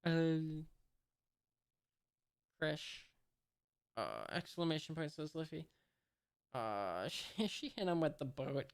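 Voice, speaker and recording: A reader casually reading a comic aloud, hesitant with many "uh"s, even reading out the punctuation marks. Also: mid-range voice, slow, long pauses, clean tone. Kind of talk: casual read-aloud commentary.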